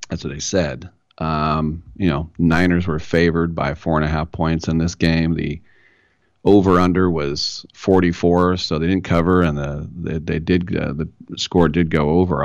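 A man's voice: deep voice, no echo, muffled recording. A man hosting a solo sports talk show, casual and opinionated with wry asides. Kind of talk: solo sports radio monologue.

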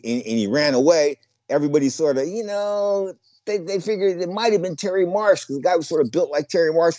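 A man's voice: mid-range voice, mellow, no room sound. An older man, a former boxer, talking in a rambling, digressive monologue that keeps circling back on itself. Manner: rambling, digressive, repeats himself. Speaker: boxing commentator and former fighter. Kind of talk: casual monologue. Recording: dull lo-fi audio.

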